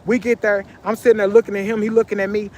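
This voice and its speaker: High-voiced man telling a slangy story. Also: fast, slight background noise. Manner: animated slangy storytelling with repetitions. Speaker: vlogger. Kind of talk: casual storytime narration. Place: sitting on a bench.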